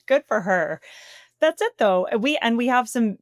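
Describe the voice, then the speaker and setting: A woman sports broadcaster as an interview guest, animated and emotional, who laughs easily and retells stories. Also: on the high side, a little slow, dry recording, clean studio sound. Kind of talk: conversational interview.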